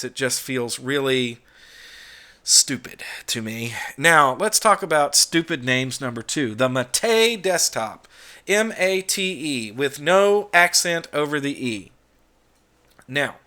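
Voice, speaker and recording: A middle-aged American man speaks in a bright, pushing voice, laying out blunt opinions in a casual solo vlog. He swears freely and talks straight to the camera. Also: mid-range voice. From United States. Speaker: YouTube channel host.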